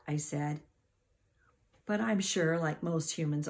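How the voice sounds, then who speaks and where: Slow, gravelly woman reading a storybook. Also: low voice. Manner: unhurried, expressive reading. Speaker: teacher reading aloud. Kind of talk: storybook read-aloud.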